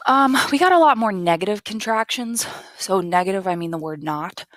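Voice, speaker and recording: A woman teaching basic English grammar, explaining patiently and repeating each word slowly for learners. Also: medium pitch, animated, dry recording, clean studio sound. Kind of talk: slow, careful classroom explanation.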